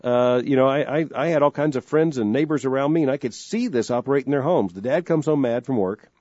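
A middle-aged man hosts a call-in radio show in a mellow, dark voice, talking earnestly and circling back on his phrases as he builds a point. The sound is dry and a little dull, like a broadcast studio feed. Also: medium pitch, no echo. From Florida, US. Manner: earnest, measured, repeats himself when starting a thought. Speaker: radio talk show host.

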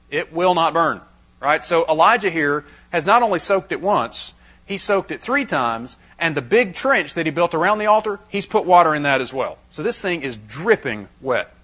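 A man's voice: a little high, a bit bright, slightly rough, rough recording. A man preaching a Bible-teaching sermon to a live audience, dramatizing the scripture with wry asides.

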